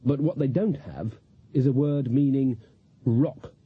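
A male audiobook narrator reading in a dry, measured manner. His voice sounds very husky and breathy, with middling pitch. The recording is slightly dull and lo-fi. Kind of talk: scripted narration.

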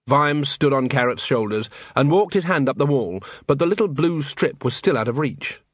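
A man narrating an audiobook in a measured, wry manner. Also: mid-range voice, lively intonation, no echo. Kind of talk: scripted narration.

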